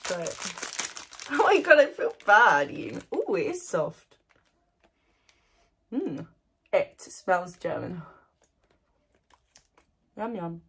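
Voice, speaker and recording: Tasting snacks indoors at her new home, this woman gushes and giggles, laughing frequently in a bubbly, casual chat. She's off her usual ASMR mic, and her fairly low voice is a little mellow with a breathy edge.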